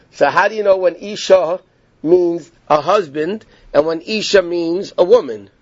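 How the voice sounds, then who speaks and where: A man's voice: sits high, a little slow, a little mellow, no echo. Explanatory male Torah teacher, lo-fi. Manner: explanatory, repeats points and checks in with "okay?". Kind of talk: Torah class, explaining text to students. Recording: dull, lo-fi and dry.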